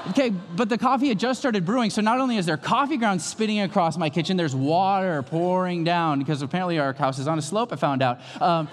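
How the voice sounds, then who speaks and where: A male pastor in his thirties preaching a sermon, with lively storytelling that swings from calm to loud. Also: high-pitched, fast talker, hardly any pauses, slight background noise. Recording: long hall reverb.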